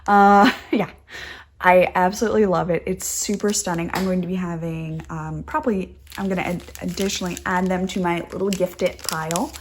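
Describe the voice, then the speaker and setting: A woman's voice: fairly low pitch, steady tone, normal speed. A young woman hosting a knitting podcast, chatting casually and gushing over crafts she shows. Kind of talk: casual show-and-tell chat.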